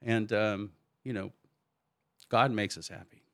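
Older man, very deep voice, dry close sound, thoughtful conversational storyteller. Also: fairly even intonation, measured pace, no echo. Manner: reflective, storytelling, laughs easily. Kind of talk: casual conversation.

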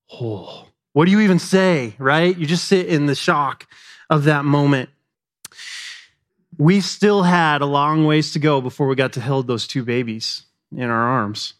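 Conversational male pastor telling a story. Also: a little high. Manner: storytelling, conversational, addresses the congregation directly. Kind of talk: sermon.

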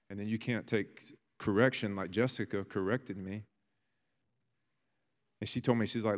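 Male pastor, 30s, lowish voice, storytelling sermon, long hall reverb. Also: moderate pace, long pauses. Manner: storytelling, with bursts of excitement.

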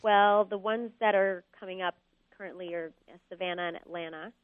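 A woman's voice: on the low side, steady tone, normal speed, clear, resonant tone, no room sound. A woman calling in as a guest, chatting casually and thinking aloud with many ums and uhs. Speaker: guest on the phone. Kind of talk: casual interview chat. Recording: tinny phone line.

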